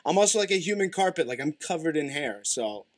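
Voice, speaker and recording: A young man from Canada, a podcast guest, telling animated stories with lots of swearing and laughter. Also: on the high side, fairly quick, dry recording, clean studio sound. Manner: animated storyteller, swears a lot, laughs often. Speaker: guest artist. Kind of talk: casual podcast chat.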